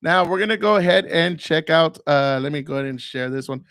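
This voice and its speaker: A man's voice: on the high side, a little fast, fairly bright tone, clear, resonant tone, no room sound, clean studio sound. A man hosting a podcast, talking in a casual monologue, blunt and crude with heavy profanity, acting out other people's voices as he tells stories. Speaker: podcast host.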